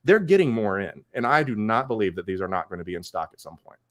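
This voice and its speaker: A man's voice: lowish voice, fast talker. A man co-hosting a casual podcast chat, telling a story and acting out the people in it. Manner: animated storytelling, acts out quoted exchanges. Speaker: podcast co-host. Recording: online call.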